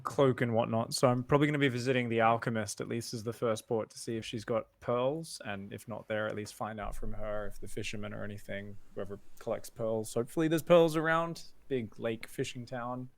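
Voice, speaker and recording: Gravelly man chatting as a game player. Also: medium pitch, brisk, few pauses, no echo. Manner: chatty, planning aloud. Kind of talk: casual chat at a tabletop game.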